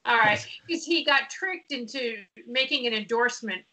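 A woman guest on a comedy podcast, excitable and laughing, often restarting her sentences. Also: fairly high pitch, normal speed, a crowd in the background, low-quality recording. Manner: excitable, laughing, self-interrupting. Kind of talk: casual comedic chat.

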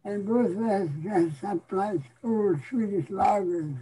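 A man casually telling an old camp prank story over a video call, unhurried and relishing it. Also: sits high, mellow, a little hiss or hum, low-quality recording.

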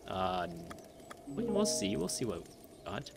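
A man's voice: medium pitch, sing-song, measured pace, creaky, pauses often, background noise. A man giving casual let's play commentary, rambling and easily distracted, laughing often as he plays. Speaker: gameplay commentator.

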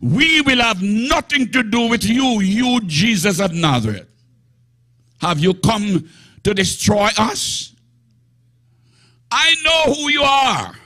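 A man's voice: high-pitched, animated, slow pace, pauses often, bright, forceful tone, pitched above the performer's own voice, exaggerated voice. A man voicing a demon-possessed man crying out in defiance, in a raised, taunting voice. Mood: defiant.

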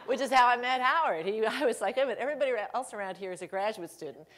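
A middle-aged woman speaks at a conference keynote, with a voice of ordinary pitch for a woman. She tells anecdotes in an animated way, laughing as she goes and acting out what people said. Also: a little fast. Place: conference hall stage.

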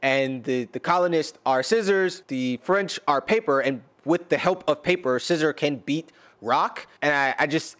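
A man, a rapper, giving an excitable reaction commentary, often repeating and restarting words. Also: on the high side, normal speed.

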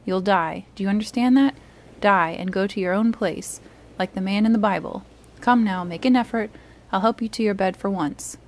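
A woman's voice: mid-range voice, normal speed, slight background noise, close to an everyday voice. A woman playing a stern, scolding doctor. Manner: firm, scolding. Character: stern, brisk male country doctor.

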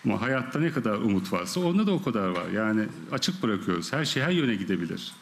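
A man with a Turkish accent, a film director answering at a press conference in halting English, full of fillers and laughing often. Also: lowish voice, very animated, a little hiss or hum.

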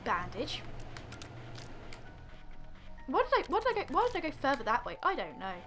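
Girl gaming, high bright voice, keeps yelling at her character and laughing. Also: wildly swooping pitch, moderate pace, soft background music. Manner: exasperated, scolds the game character, laughs often. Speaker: gamer. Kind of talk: let's play commentary.

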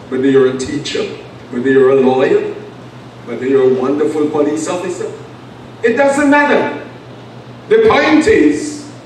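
A man with an Antiguan accent preaching a sermon as pastor, emphatic, with call-and-response and long pauses. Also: on the high side, slight background noise. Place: church sanctuary. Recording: echoey church sound from far off.

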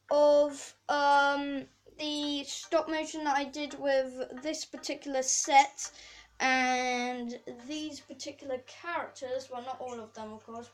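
Preteen girl, channel host, high-pitched, slow delivery, apologetic, filler-heavy casual update. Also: rough recording. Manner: rambling, apologetic, full of fillers. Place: bedroom at home.

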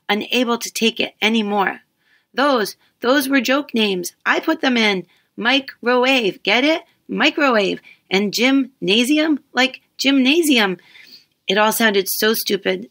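A woman reads her own first-person story aloud, wry and ready to poke fun at herself. Her voice is bright and forward. She keeps an even, storytelling pace. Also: mid-range voice. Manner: wry, self-deprecating storytelling.

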